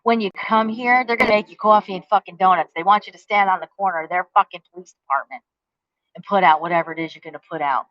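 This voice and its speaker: A woman's voice: fairly low pitch, quick pace, dry recording. Woman, profane angry rant, taunting, dry lo-fi sound. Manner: profane and confrontational, heavy cursing; defiant, taunting with rhetorical questions. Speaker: vlogger.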